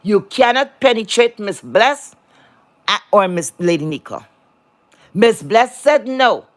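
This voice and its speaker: A woman's voice: medium pitch, lively intonation, slow pace. A woman moderating a livestream chat, lecturing and scolding viewers in a blunt, profane rant.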